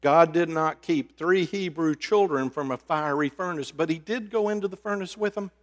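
A man's voice: a little high, moderate pace. Man preaching in a reverberant hall. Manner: dramatic shifts between loud emphasis and hushed delivery. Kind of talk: sermon.

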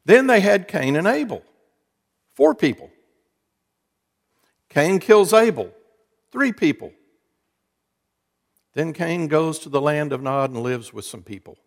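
Preacher guy telling jokes in a sermon, bit high voice, long echo like a big church. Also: animated, slow pace, vocal fry, long pauses. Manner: folksy storytelling, wry asides to the congregation. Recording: long hall reverb.

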